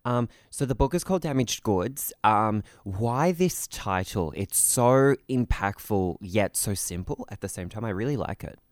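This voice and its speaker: A man's voice: fairly low pitch, animated, unhurried, few pauses, no echo, clean studio sound. A man hosting a casual radio podcast interview, bubbly and enthusiastic. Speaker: podcast host.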